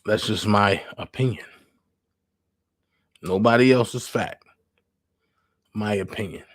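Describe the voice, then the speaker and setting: Man, livestream host, casual chat, blunt and candid, drawn-out delivery. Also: on the low side, no echo, clean studio sound. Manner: blunt, candid, unhurried opinion talk.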